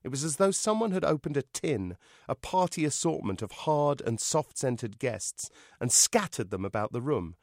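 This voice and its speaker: A man, the author, reading his novel aloud in a lively, dryly amused storytelling manner. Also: medium pitch, normal speed, dry recording, clean studio sound. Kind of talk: expressive literary reading.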